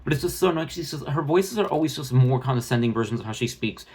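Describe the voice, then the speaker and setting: A man's voice: medium pitch, lively intonation, quick pace, darkish tone, breathy edge. A man ranting in blunt, profane, rambling commentary about an online creator, recorded on his phone. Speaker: drama commentary vlogger.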